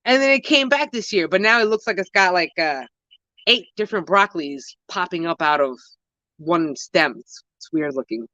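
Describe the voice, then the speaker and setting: Walking through a home garden with a handheld phone camera, a gardening vlogger with a new voice answers viewer questions in casual chat, with medium pitch, lively intonation, a moderate pace and a bright, forceful tone. The talk is slangy and rambling, with half-finished thoughts that keep getting corrected, and the audio is dull, lo-fi, close and dry with no echo.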